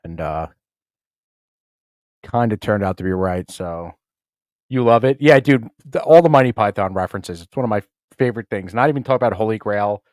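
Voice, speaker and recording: Hosting a podcast in clean studio sound with no echo, a man talks loosely and swears plenty in casual conversation, slipping into offhand impressions. His voice is on the low side, expressive and somewhat dark, at a moderate pace.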